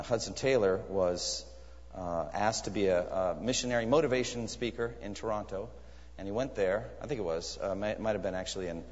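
A man's voice: lowish voice, darkish tone. A man preaching a sermon in an earnest, emphatic way, pressing his listeners with searching questions. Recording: echoey hall, dull lo-fi sound.

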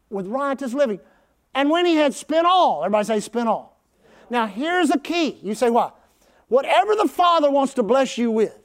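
A man preaching in a very high voice, leading the congregation in call-and-response. He talks conversationally but with fervor, and at his peak points he breaks into shouts. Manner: rising to shouts at peaks. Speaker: pastor. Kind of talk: preaching a sermon.

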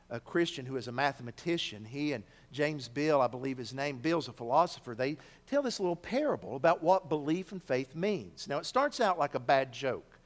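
High-voiced preacher, emphatic storytelling. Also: male voice, big-room sound. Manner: storytelling, building to emphatic declarations. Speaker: pastor. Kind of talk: sermon.

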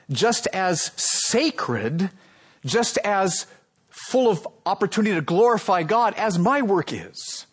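A man in his role as pastor giving a sermon, calling out questions to his congregation and swinging between loud and soft. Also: a little high, husky.

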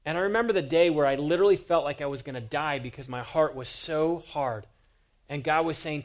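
A man's voice: fairly high pitch, a little fast. A man preaching a sermon as a pastor, earnest and emphatic, driving his points home with repeated rhetorical questions.

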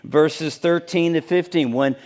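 A man's voice: a little high, a little slow, darkish tone. A man preaching a sermon, earnest and emphatic, repeating key phrases and restarting his sentences as he teaches. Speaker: pastor.

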